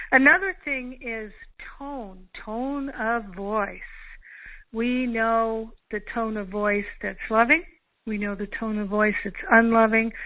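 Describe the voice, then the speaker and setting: A woman hosting a call-in teaching show, speaking in a slow, measured and earnest way. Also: on the high side, no room sound. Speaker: host. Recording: phone-line quality, dry.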